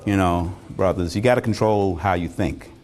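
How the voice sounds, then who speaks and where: A male motivational speaker telling a personal story in a dramatic speech, deliberate with rhythmic repetition. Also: deep voice, darkish tone, faint music behind.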